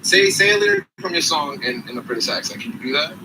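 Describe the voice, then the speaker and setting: A fairly high-pitched man talks fast, teasing and egging his friend on. He is picked up from a distance, with clear room noise around him. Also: animated. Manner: teasing, encouraging. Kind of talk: casual chat.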